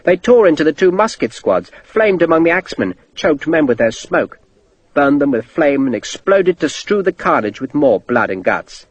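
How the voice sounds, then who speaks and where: A male audiobook narrator telling the story in a steady, vivid way. His voice is slightly husky, with lively shifts in pitch, and the recording sounds dry and close. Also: normal speed, no room sound, low-quality recording. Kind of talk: scripted narration.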